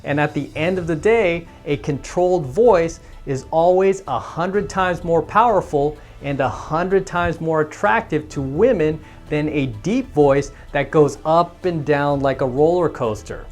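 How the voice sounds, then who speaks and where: A man coaching other men on confidence, giving an instructional talk in a calm, steady and assertive way. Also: on the high side, a little slow, hardly any pauses, faint music behind. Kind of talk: instructional monologue to camera.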